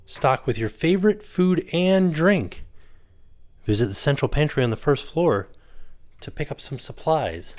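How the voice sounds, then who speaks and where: A man's voice: medium pitch, a little mellow. A man in his thirties narrating a casual walk-through of a hotel room as a vlogger. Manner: chatty, points things out as he walks.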